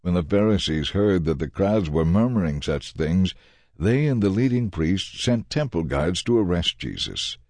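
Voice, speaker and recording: A man narrating a dramatized Bible reading with expressive delivery, shifting into voices for the characters. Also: low voice, moderate pace, no echo. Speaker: scripture reader.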